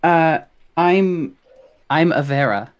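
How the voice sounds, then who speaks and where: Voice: medium pitch, takes it slowly, clear, resonant tone. A tabletop game player making wry, stammering asides.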